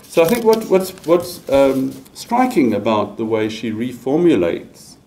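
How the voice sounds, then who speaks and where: A man giving an academic lecture, measured, with frequent fillers and repeated restarts. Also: medium pitch, sing-song, mellow, slight background noise, low-quality recording. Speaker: university lecturer.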